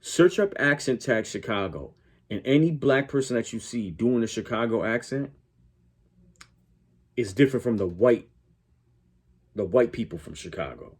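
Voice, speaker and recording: A man's voice: mid-range voice, animated, normal speed, long pauses, breathy edge. A man hosting a reaction video, talking in a blunt, profane, argumentative way. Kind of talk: casual reaction commentary.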